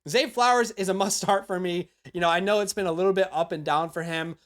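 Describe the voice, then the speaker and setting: A man's voice: high voice, quick pace. A man hosting a fantasy football show, talking through picks in a loose, chatty way with lots of asides to the viewer. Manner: chatty, frequent "you know" and "all right?" asides. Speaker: fantasy football analyst host. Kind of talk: casual scripted-free sports analysis.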